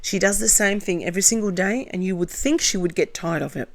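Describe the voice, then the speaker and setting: A woman's voice: medium pitch, a little fast. A woman hosting a casual commentary channel, reading viewer comments aloud and giving blunt, opinionated asides.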